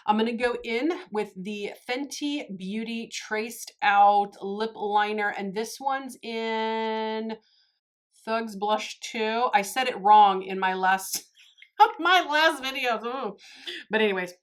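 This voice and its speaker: Speaking slowly in a smooth, medium-pitched voice with a steady tone, this beauty vlogger talks her way through a makeup tutorial. It's a casual chat full of gushing, aimed straight at her viewers.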